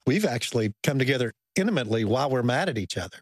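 A man of middle pitch talks earnestly as a guest author on a Christian talk show. He is reflective and slows down to lean on key phrases. His voice sounds dry and close. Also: very animated, husky, dry recording.

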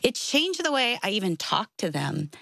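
A woman's voice: mid-range voice, sing-song, moderate pace, vocal fry, pushed and bright, dry recording, studio quality. A middle-aged woman telling a family story in a casual faith conversation, acting out the people she quotes. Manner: storytelling, acts out quoted voices.

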